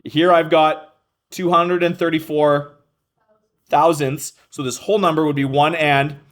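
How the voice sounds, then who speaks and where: A man's voice: on the high side, steady tone, a little slow, fairly bright tone. Man teaching a math class. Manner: thinks aloud, self-correcting, addresses students by name. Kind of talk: classroom lesson.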